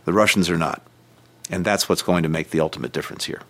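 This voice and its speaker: Deliberate, emphatic low-voiced man. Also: fairly bright tone. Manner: deliberate, emphatic, with frequent restarts and pauses. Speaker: senior government official interviewed. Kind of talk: measured interview answers.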